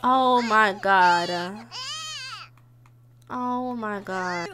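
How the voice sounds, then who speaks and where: A woman's voice: fairly high pitch, takes it slowly, fairly bright tone. Chatty young woman gaming streamer. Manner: chatty, dramatic, squeals and laughs, talks to the viewers. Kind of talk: casual Let's Play commentary.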